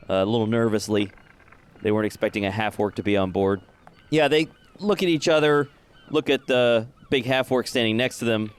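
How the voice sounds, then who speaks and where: A man's voice: medium pitch, clear, resonant tone. Resonant-voiced man running a tabletop game. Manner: halting, many filler sounds. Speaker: game master.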